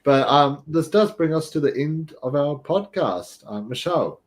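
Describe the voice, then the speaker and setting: A man's voice: on the high side, expressive, moderate pace. A man hosting a podcast, chatting casually and laughing often. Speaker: podcast host. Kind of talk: casual chat.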